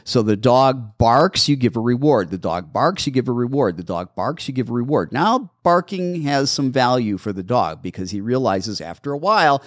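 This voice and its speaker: Lively, practical dog-training show host. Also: male voice, medium pitch, normal speed, hardly any pauses, no echo, clean studio sound. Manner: practical, instructive, repeats steps patiently. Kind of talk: call-in radio show Q&A.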